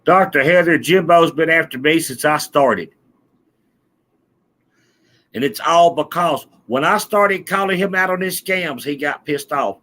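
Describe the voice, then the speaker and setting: Chatty man streamer, bright voice. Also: a little high, measured pace. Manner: animated, chatty, addresses the audience directly. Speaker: livestreamer addressing viewers. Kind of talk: casual live-stream talk.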